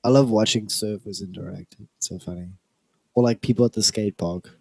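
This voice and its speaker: A man's voice: fairly low pitch, a little fast, gravelly, a little mellow, no echo. Playful young man. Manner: playful, teasing, laughs often. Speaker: podcast co-host. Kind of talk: casual chat.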